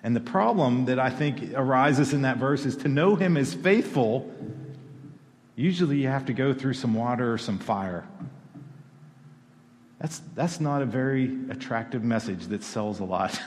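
A pastor delivers a sermon in a mid-pitched male voice, talking to the room like a conversation, then pushing up in pitch and volume for emphasis. A long reverb from the church hall trails behind his words. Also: lively intonation, a little slow, a little mellow. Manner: conversational, rising to emphatic peaks.

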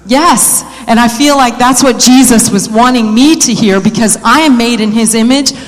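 A woman preaches a sermon in a church, her voice carrying a long hall reverb. She moves from easygoing, conversational talk to loud, repeated exhortations. She often puts questions to the congregation. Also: fairly high pitch, moderate pace. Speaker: church speaker.

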